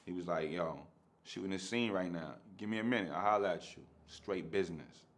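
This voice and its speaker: New guy in his 40s, slangy and animated, kinda low voice, laughs a lot. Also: fairly quick. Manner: animated, laughs often, slangy street talk. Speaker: storyteller. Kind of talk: casual storytelling.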